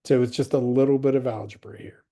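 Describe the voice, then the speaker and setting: Casual man explaining calculus, mellow voice. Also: medium pitch, fairly even intonation, fast talker. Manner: casual, direct, walks through steps. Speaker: math teacher.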